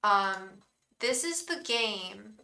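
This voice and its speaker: A woman from England hosts a live tarot stream in casual chat, effusively greeting viewers by name and stopping to restart her sentences. Her medium-pitched voice is animated, very slow, gravelly, and pushed and bright, heard in an echoey room.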